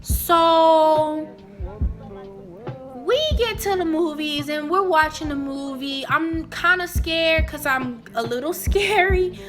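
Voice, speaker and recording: A young woman telling a personal story in a casual, animated, chatty way. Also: sits high, slow, music in the background. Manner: animated, chatty, jumping into quoted voices. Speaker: vlogger.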